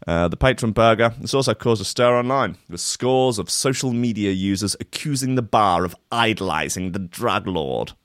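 Here a man hosting a show reads a news item aloud and makes fun of it with cursing, sarcastic remarks in a loose, comic chat. His lowish voice is expressive and a bit bright, at normal speed with hardly any pauses. The studio sound is clean, with no room sound.

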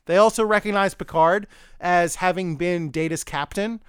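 Reviewing a TV episode on his podcast, this man rambles casually, chuckles, and performs the characters' dialogue. His high voice is steady, clear, and resonant at normal speed, captured with dry, clean studio sound.

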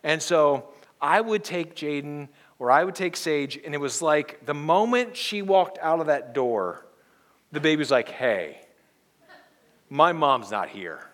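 Man, pastor, sermon, earnest, hushed to emphatic, call-and-response, fairly high voice. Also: lively intonation, unhurried.

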